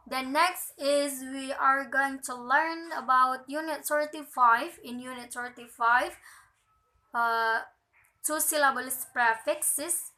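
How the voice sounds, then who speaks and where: A young woman, a student with Indonesian as her first language, slowly reading out a lesson on word stress, dotted with "okay" and "uh". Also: sits high, pushed and bright, rough recording. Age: young adult. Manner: slow, careful, filler "okay" and "uh". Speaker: student presenter.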